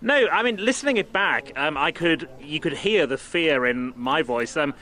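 A radio interviewer talks in a measured, thoughtful way. His voice is bright and a little high, and he pauses with small hesitations. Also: lively intonation. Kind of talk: radio discussion.

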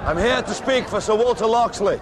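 A man's voice: sits high, brisk, crowd noise, close to an everyday voice. Man playing a rousing medieval knight. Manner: rousing, declamatory speech. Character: defiant medieval knight addressing a king. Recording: film clip with faint music.

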